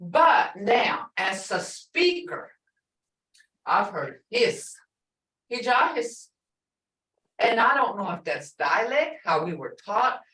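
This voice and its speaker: A woman language teacher explains slowly, going over each example word again and again. She sits some distance from her mic, so the voice sounds roomy and a little far off. She is patient and clear. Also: mid-range voice, a bit bright. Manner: slow, patient explaining with repeated example words. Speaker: language instructor. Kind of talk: online language lesson.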